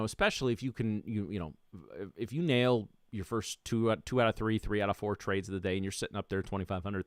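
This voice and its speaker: A man's voice: fairly low pitch, no echo, clean studio sound. A man hosting a trading show, talking casually to viewers, often restarting sentences and checking in with "right?". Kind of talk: casual explanatory talk on a livestream.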